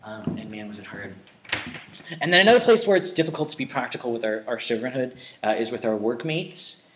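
A man's voice: mid-range voice, animated, brisk, fairly bright tone, slight background noise. A young man giving an informal sermon full of personal stories, rambling and conversational with lots of restarts and self-deprecating humor. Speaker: preacher. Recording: echoey room, distant mic, faint ambience.

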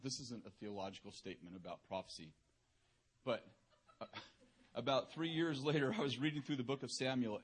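A man's voice: on the low side, slightly rough. A man giving a sermon as a preacher, telling a personal story in a casual, joking way, laughing at himself and using lots of conversational fillers. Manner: humorous, self-deprecating, laughing through anecdotes.

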